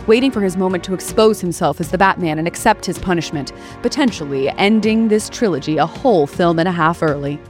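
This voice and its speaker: A woman doing scripted comedic narration in a deadpan way, full of wry asides. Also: on the low side.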